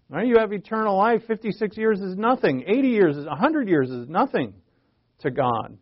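Casting: male preacher, fifties, slightly high voice, chatty rhetorical delivery, muffled lo-fi sound. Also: sing-song, moderate pace. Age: 50s. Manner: conversational, rhetorical questions, frequent restarts. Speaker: pastor. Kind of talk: sermon, Bible teaching. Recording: dull lo-fi recording.

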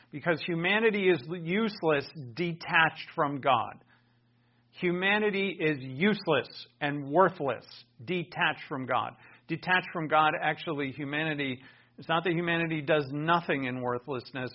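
Earnest man preaching with loud bursts. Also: on the high side, highs cut off. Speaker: pastor. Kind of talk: sermon.

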